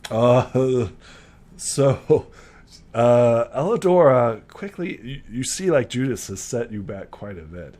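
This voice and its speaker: A man's voice: mid-range voice, expressive, slow, dark tone. A man narrating a tabletop game as game master in casual talk, giggling and using lots of fillers.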